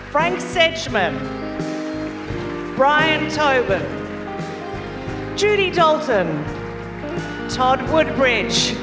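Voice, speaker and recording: A woman announcing guests at a formal awards ceremony, slow and ceremonial. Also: high-pitched. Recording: roomy hall, music behind.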